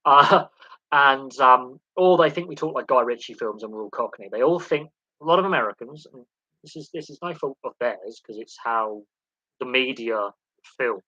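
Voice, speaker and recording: A man chats casually on a sports livestream, opinionated and quick to jump between examples. His voice is bright and forceful. The sound is close and dry, with a slightly dull, lo-fi tone. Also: mid-range voice, lively intonation, dry recording. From England.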